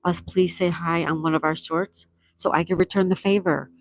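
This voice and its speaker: A middle-aged woman with a lowish, creaky voice and fairly even intonation reads viewer comments aloud on a casual livestream at a normal pace, chatty, affectionate and often laughing. There's no room sound.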